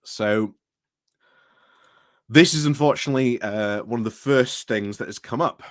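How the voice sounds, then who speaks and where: A man's voice: medium pitch, measured pace, no room sound, studio quality. A British man hosting a casual livestream, rambling through commentary with restarts and greetings to chat, recorded indoors at home. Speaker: livestream host.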